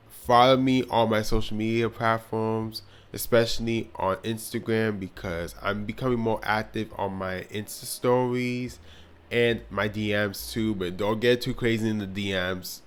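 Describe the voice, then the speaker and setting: A man's voice: on the low side, clear, resonant tone. A young man giving an earnest, blunt commentary on his vlog, now and then sarcastic. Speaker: video commentator.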